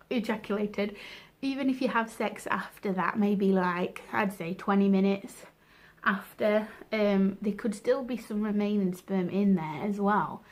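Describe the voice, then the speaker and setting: A woman vlogger giving frank, casual advice from a room at home. She talks to viewers directly and fills her speech with "you know" and "like". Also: medium pitch. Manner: candid and chatty, many fillers, talks to viewers directly. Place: room at home with windows open.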